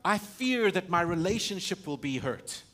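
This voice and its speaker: A male pastor preaching a sermon, full of rhetorical questions and restarts, swinging from loud emphasis to hushed, low stretches. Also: big pitch swings, normal speed.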